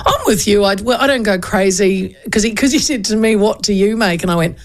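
A New Zealand woman hosts a radio show and tells a chatty, lively story. Her voice has a gravelly, creaky edge, and she slips into the voices of the people she quotes. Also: mid-range voice, fairly quick. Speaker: radio host. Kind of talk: casual radio chat and storytelling.

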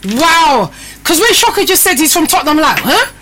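This is a woman hosting a live radio chat, her voice high and bright. She talks in a bossy, teasing way, heavy on slang, as if speaking into a headset on a video call, with faint noise behind her. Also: sing-song, fairly quick. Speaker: radio show host.

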